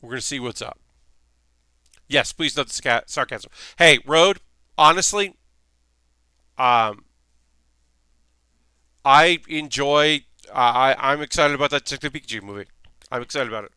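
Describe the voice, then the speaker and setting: A man with a very bright, crisp voice talks through a card game on a live stream. He thinks out loud, filling pauses with ums and restarting sentences. The sound is dry and close, with no room around it. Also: medium pitch, no room sound. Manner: chatty, thinking aloud with many ums and restarts. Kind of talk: casual live-stream commentary.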